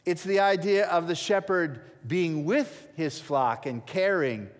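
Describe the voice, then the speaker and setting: A man preaching a sermon as pastor, emphatic, with dramatic drops to a near hush at the ends of phrases. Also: high-pitched, slow. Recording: long reverb of a large hall.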